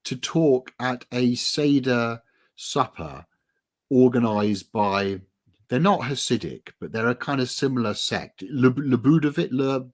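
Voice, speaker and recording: A man's voice: mid-range voice, a little slow. A man being interviewed as an author, chatting casually in a self-deprecating, rambling way. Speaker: author guest.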